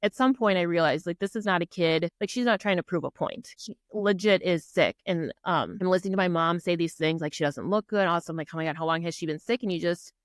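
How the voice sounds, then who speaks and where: A woman's voice: fairly low pitch, brisk, no room sound, clean studio sound. A middle-aged woman from Minnesota, a podcast guest, telling a personal story in earnest, acting out what people said and using many fillers such as "like" and "um". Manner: earnest, animated retelling that acts out quoted dialogue.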